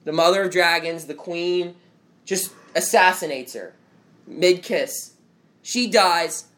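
Rambling young man, slightly high voice. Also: slow, a bit bright. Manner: rambling, heavy use of "like". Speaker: show recapper. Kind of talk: casual chat. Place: at home with friends and family.

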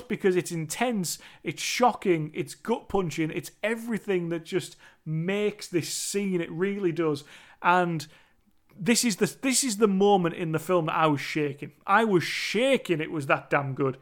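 A man's voice: sits high, normal speed. A man recapping a film scene in a casual, emphatic, sweary way, often repeating himself. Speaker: movie reviewer.

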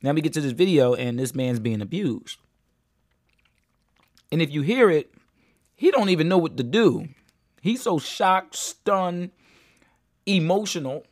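A man's voice: fairly high pitch, lively intonation, measured pace, pauses often, dry recording, clean studio sound. A man hosting a casual commentary, talking straight to viewers and repeating phrases as he restarts. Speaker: commentary host.

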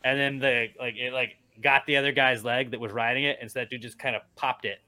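Man, bright voice, casual podcast host, animated storytelling, curses a lot. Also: medium pitch, brisk, no echo. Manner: animated storyteller, swears freely, acts out quotes. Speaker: radio morning show host.

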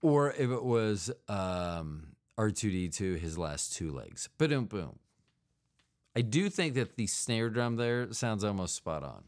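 A man's voice: lowish voice, very animated, slow pace, a little mellow. A man hosting a solo podcast in a rambling, digressive comedic monologue, full of fillers and playful mouth sound effects. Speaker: podcast host.

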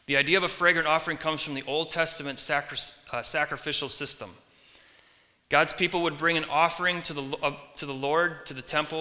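A man preaching a sermon as a pastor, earnest and emphatic, building points through long lists and pauses. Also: medium pitch, bright, forceful tone. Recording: long reverb of a hall.

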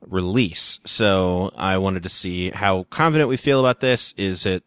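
A man co-hosting a podcast who runs through the show news with quick, joking remarks. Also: deep voice, a bit bright, clear, resonant tone, dry recording, studio quality. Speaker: podcast co-host. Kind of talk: casual podcast chat.

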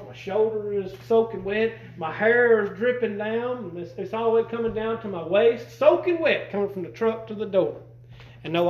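A man's voice: sits high, roomy sound, dull audio. A man preaching a sermon, folksy and conversational, asking the congregation questions as he goes. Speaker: pastor.

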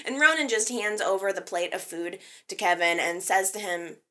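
A woman hosting a soap opera recap show, talking in an excitable, gushing fan manner with many fillers. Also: mid-range voice, moderate pace. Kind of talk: casual recap commentary.

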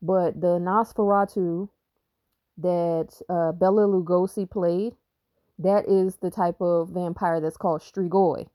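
A woman's voice: on the low side, steady tone, takes it slowly, dark tone, dry recording. A woman who is a spiritual reader, talking on her podcast in a rambling, profane, emphatic way. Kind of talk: casual podcast monologue.

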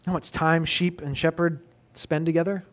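A man preaching a sermon in a somewhat high voice. He swings from forceful, emphatic declarations to quiet, close questions aimed at the listener. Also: flat delivery, normal speed. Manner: emphatic, rising to loud peaks then dropping soft and intimate. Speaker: pastor.

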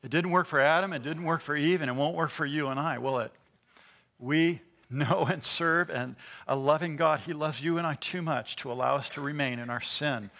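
A man delivering a sermon with a bright, forceful tone and a slightly raised pitch. He teaches earnestly, repeats key words and pauses on rhetorical questions to the congregation. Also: vocal fry. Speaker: preacher.

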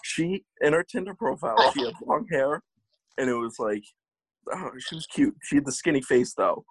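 Young New guy, twenties, husky, swearing storyteller for a chatty show. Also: mid-range voice, expressive, moderate pace, dry recording, poor audio. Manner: rambling, profane, laughing storytelling. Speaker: podcast host. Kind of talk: casual storytelling chat.

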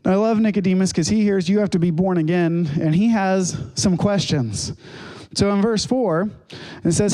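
Man, pastor, sermon, high voice, conversational with casual asides. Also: normal speed, mellow.

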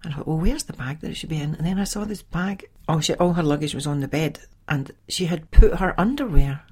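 A middle-aged woman hosting a podcast, telling a personal story in a chatty, animated way. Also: low-pitched, brisk, breathy edge. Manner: chatty, animated, with sighs and laughs. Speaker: podcast host. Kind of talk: casual storytelling monologue.

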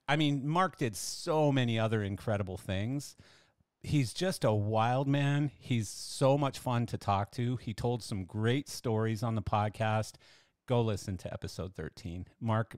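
A man's voice: fairly low pitch, measured pace, clear, resonant tone, no echo, studio quality. An older man hosting a podcast, telling stories in a chatty, enthusiastic way with lots of fillers. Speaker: podcast host. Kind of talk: casual podcast monologue.

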